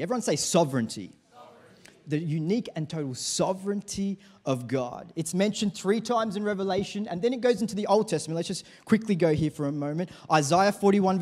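A man's voice: a little high, a little mellow. A man preaching a sermon in church, leading the congregation in call-and-response. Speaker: pastor.

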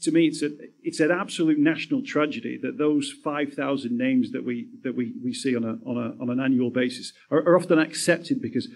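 A man's voice: mid-range voice, fairly quick, hardly any pauses, darkish tone. A man hosting a live on-stage interview, earnest and repeating words as he builds his thoughts. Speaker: podcast host, interviewer.

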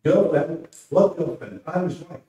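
A man's voice: a little high, a little slow, warm tone, highs cut off, pitched above the performer's own voice, lightly acted. A man voicing a defiant woman tenant. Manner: blunt and defiant. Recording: roomy hall from far off.

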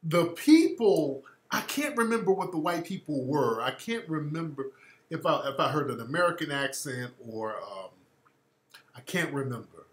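A man's voice: on the high side, moderate pace. A man hosting a radio show, talking in a casual, profane monologue and laughing as he tells stories. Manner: profane, laughing, animated storytelling. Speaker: radio host. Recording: roomy echo.

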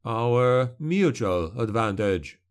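A man's voice: medium pitch, expressive. A man voicing a hissing, sinister shadow creature. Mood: cold menace. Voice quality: hissing, slow and deliberate. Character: sly sinister male shadow creature, calm.

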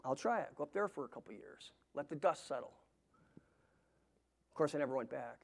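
A man's voice: on the high side, expressive, brisk, creaky. A middle-aged man giving a personal testimony in a church sermon, telling his story earnestly, often stumbling and restarting his words. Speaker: guest preacher giving testimony. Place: church sanctuary.

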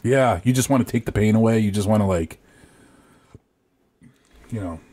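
Husky-voiced podcast guy from rhode island. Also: on the low side, normal speed. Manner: profane storytelling, animated. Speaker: podcast co-host. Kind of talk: casual chat.

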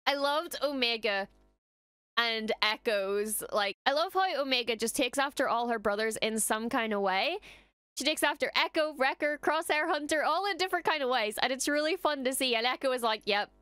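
A woman's voice: fairly high pitch, moderate pace, fairly bright tone, smooth, dry recording. A woman hosting a reaction video, talking casually and emotionally, swearing freely and trailing off as she gushes. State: emotional after watching. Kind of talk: casual post-episode reaction chat.

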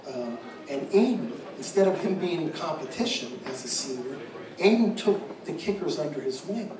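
Guy giving a rambling tribute speech, kinda high voice, big echoey hall, mic far off. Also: expressive, normal speed, a crowd in the background. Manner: rambling, with frequent restarts and repeated words. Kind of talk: public speech at an event. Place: large echoey room with an audience. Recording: echoey hall audio from a distant mic with background noise.

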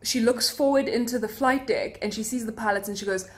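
A woman's voice: fairly high pitch, a little fast. A young South African woman, a flight attendant, telling stories from her workday in a chatty, giggly way, full of likes and asides. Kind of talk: casual chat.

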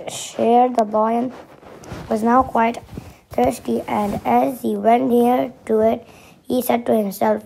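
A woman reading a children's story aloud, unhurried, with playful asides and sound effects. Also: fairly high pitch, little pitch movement, vocal fry, warm tone, husky, rough recording.

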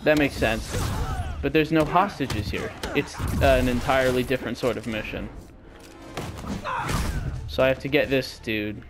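A man's voice: mid-range voice, normal speed, pauses often, over music. A young man casually commentating his own gameplay, rambling and self-mocking with sudden goofy yelps. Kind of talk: casual let's-play commentary.

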